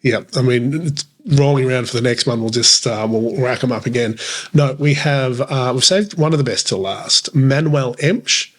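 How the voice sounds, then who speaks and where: A man's voice: medium pitch, moderate pace. Chatty man co-hosting a podcast. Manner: chatty, rambling with fillers and restarts. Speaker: podcast co-host. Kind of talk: casual chat.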